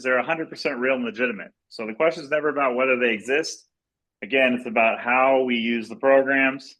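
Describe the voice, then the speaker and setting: Bright-voiced man giving an informal training. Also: mid-range voice, low-quality recording. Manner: informal and repetitive, many fillers and restarts, plain explanatory tone. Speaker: company executive leading a sales training. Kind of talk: recorded training presentation over slides.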